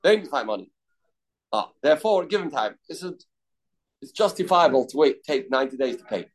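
A man's voice: on the high side, sing-song, brisk, rough recording. Man teaching a daily Talmud class. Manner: loose, repetitive explaining with restarts and Hebrew-Aramaic terms.

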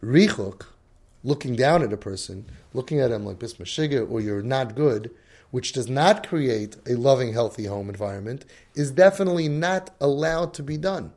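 A man's voice: medium pitch, moderate pace, a little mellow. A man giving a religious lecture as a parenting coach, emphatic and acting out the voices he quotes.

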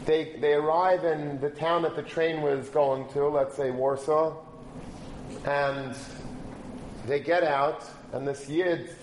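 A man giving a storytelling sermon, moving between animated retelling and forceful exhortation. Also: a little high, a little hiss or hum. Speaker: preacher. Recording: roomy recording with faint background.

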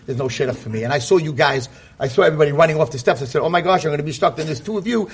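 A man puts on a young princess from a parable, grateful and pleading, her words rushing out breathlessly. The voice sits a little high with a husky grain. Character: grateful young princess stuck atop a tower.

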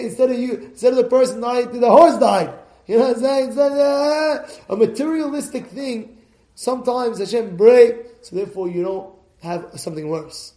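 A rabbi with a high-pitched voice delivers an animated storytelling sermon. He swings between hushed asides and loud exclamations. The sound is roomy and echoing.

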